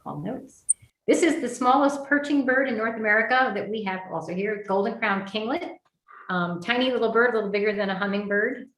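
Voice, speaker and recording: A woman's voice: medium pitch, fairly quick, fairly bright tone. Chatty birding woman in an echoey room. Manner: chatty, with many fillers and restarts. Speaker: birding workshop presenter. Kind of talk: virtual lecture with slides.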